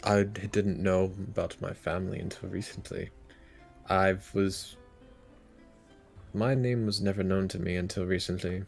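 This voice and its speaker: Man, deep gravelly flat voice, earnest formal role-play, faint music. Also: a little slow. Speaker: player. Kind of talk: in-character tabletop role-play.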